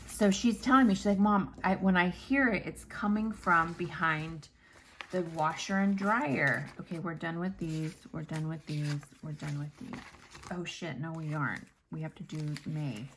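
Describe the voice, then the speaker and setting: Chatty woman vlogger, lower voice, rambling and animated story, a little room noise behind. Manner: rambling, animated, casual swearing. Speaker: planner vlogger. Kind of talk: chatty storytelling while crafting.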